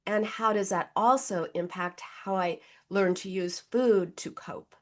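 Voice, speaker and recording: A woman's voice: mid-range voice, measured pace. A middle-aged woman, a therapist who is the guest expert, tells stories in a conversational way and acts out the people in them, heard over a video call. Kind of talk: conversational storytelling.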